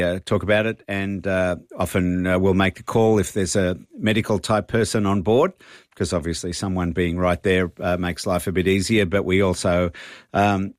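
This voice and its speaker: A man speaking as an airline guest on a radio show, halting with many fillers. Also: low voice, dry recording, studio quality. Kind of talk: radio interview.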